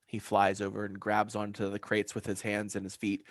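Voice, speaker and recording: Gravelly low-voiced game master. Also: male voice, completely flat delivery, normal speed, few pauses, no echo. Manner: loose, filler-heavy scene description. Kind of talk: narrating a tabletop game.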